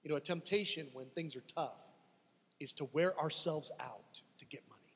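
High-voiced husky male preacher. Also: normal speed, big-room sound. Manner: dramatic, acts out desperate pleas to God. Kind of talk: sermon.

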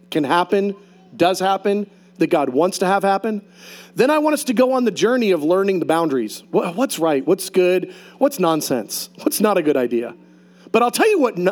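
A man preaching a sermon to his congregation as pastor, telling personal stories in an animated way. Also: high-pitched. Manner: animated storyteller acting out voices.

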